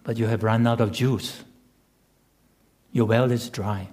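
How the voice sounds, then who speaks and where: Male preacher, sermon delivery; slow and deliberate, slightly husky, emphatic. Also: on the low side, steady tone, darkish tone. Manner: measured, emphatic, with rhetorical repetition. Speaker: pastor.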